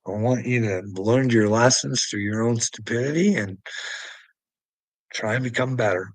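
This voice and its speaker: A man's voice: medium pitch, normal speed, no room sound, low-quality recording. A man rambling through a solo monologue, mocking and profane, breaking into laughter between nearly every phrase. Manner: profane and taunting. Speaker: vlogger.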